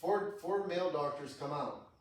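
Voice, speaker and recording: A man with a fairly high voice tells a personal story on a podcast at a moderate pace. He swears a lot and performs the conversation he's quoting, and the audio carries slight background noise plus the echo of a far-off mic.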